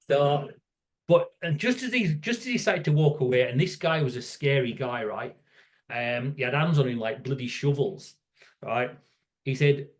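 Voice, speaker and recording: A man's voice: medium pitch, moderate pace. A man in his sixties, a podcast guest, telling work stories in a rambling, casual way and often checking in with "right?". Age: 60s. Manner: rambling, restarts, frequent "right?" tags. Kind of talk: casual storytelling conversation.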